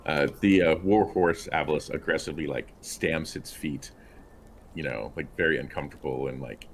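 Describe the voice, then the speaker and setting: A man's voice: extremely low pitch, moderate pace, slight background noise. A man playing a tabletop game, describing actions in a rambling, filler-heavy way. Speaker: player. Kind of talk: casual tabletop game play.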